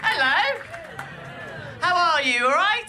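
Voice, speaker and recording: A woman's voice: very high-pitched, sing-song, slow, a crowd in the background, noisy background. A woman from Birmingham with a Birmingham accent, performing a bawdy stand-up set and teasing the audience. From Birmingham, England. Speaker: stand-up comedian. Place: comedy club stage.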